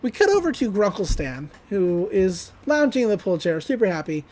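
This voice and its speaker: A podcast co-host talks through a cartoon episode in an animated retelling, with giggles along the way. The voice sits at a middling pitch. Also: normal speed.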